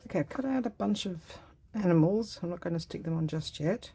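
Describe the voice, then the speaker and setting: A woman vlogger chatting casually as she works on a craft project, thinking aloud in an unhurried way. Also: fairly low pitch, animated, mellow, slightly rough. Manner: musing aloud while cutting and gluing, unhurried and chatty.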